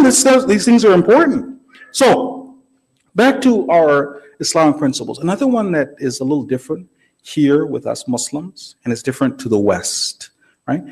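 A religious speaker gives a conversational sermon, repeatedly asking the audience "right?" to check in with them. His voice is high-pitched with a darkish tone, and the recording quality is low.

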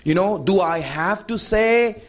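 A man with a very high-pitched voice delivers a fervent religious sermon. He pleads with the congregation and calls them his friends. His delivery swings between storytelling and impassioned, chant-like cries. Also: a little slow. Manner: storytelling, addresses audience as friends. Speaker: preacher.

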